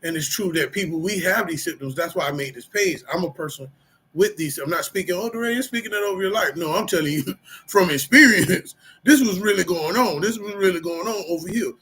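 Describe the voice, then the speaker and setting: A middle-aged man with a husky, slightly raspy voice pitched a bit high for a man. He talks casually and openly to his viewers, rambling with plenty of fillers and street slang. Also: fairly bright tone, low-quality recording. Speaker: vlogger sharing personal recovery. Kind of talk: casual personal talk to camera.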